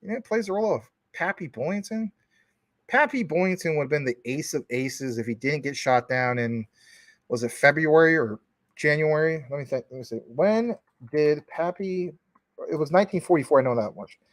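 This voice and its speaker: A man's voice: on the high side, lively intonation, moderate pace, dry recording. Rambling, jokey male streamer with a dry sound. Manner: rambling, jokey, teases commenters. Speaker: livestream host. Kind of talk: casual chat to viewers. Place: home couch.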